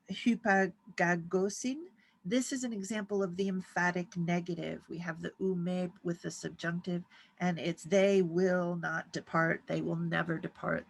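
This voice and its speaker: Low, gravelly woman teaching grammar. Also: poor audio. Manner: measured, explanatory, slows down to read Greek. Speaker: Greek teacher. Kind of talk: recorded grammar lecture.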